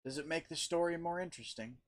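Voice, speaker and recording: A man's voice: a little high, quick pace. A man streaming a video game, giving casual commentary full of jokes and swearing. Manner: profane, joking.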